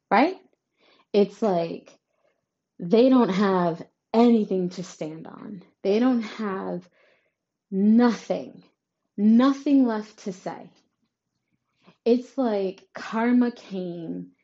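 Slow, mellow-voiced woman giving a horoscope reading. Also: mid-range voice, dull audio. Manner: repeats "right?" often, reassuring and emphatic. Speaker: astrology reader. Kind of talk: tarot-style horoscope reading to camera.

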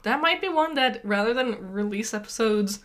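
A woman co-hosting a casual podcast, her voice sitting a bit on the high side. She chats along with quick opinions and breaks into laughter often. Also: animated, fairly bright tone. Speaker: podcast co-host. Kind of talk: casual chat.

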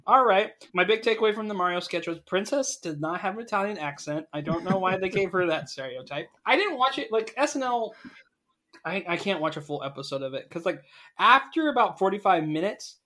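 Young co-host, casual chat, animated and emphatic, mid-pitched voice. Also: a little fast. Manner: animated, argues emphatically with big pitch jumps. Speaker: podcast co-host.

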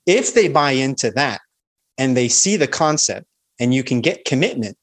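A man of ordinary pitch explains, confident and instructive, how to open a sales call. He talks through each step in a clear, practical way. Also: lively intonation, moderate pace. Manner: confident, instructive, acts out sample calls. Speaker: sales expert guest.

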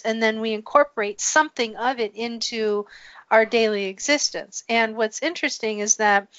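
On a conversational podcast, a female HR professional talks earnestly as a guest and frequently agrees. Her voice is on the high side and a bit bright, moderately paced, in dry, muffled lo-fi audio with no room sound.

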